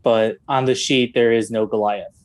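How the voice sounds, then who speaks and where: A man's voice: mid-range voice, steady tone, normal speed, a little mellow. A man casually describing the tabletop character he made, in a matter-of-fact way. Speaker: player.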